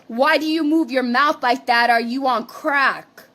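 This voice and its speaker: Livestream co-host, woman, high voice, heated profane rant, defensive. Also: measured pace, few pauses, sharp tone. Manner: profane, defensive, mixes in Spanish phrases.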